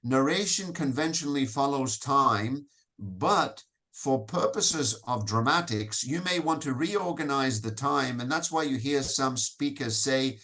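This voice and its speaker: A man's voice: medium pitch, animated, unhurried, sharp tone. A man leading an interactive workshop, firing questions at the audience and often restarting his sentences. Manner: questioning the audience, repeats phrases, frequent "so, so" restarts. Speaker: Toastmasters educator leading a session.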